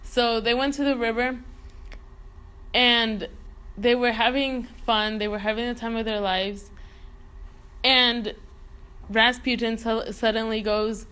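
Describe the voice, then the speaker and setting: A woman tells a comedic history story in a silly, casual way and slips in jokes as she goes. Her voice sits a little high for a woman. It sounds like a playful retelling for an online video. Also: fairly even intonation, takes it slowly, long pauses, sharp tone, clean tone. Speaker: narrator.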